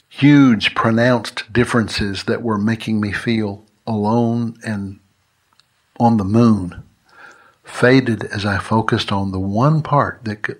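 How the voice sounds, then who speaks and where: Man, low husky voice, emphatic scripted commentary. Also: a bit bright. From United States. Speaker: religious commentator. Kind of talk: scripted monologue.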